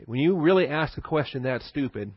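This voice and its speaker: A man's voice: a little high, lively intonation, a little fast, breathy edge, dry recording, highs cut off. A male pastor preaching a sermon in a conversational teaching manner, asking rhetorical questions and chuckling.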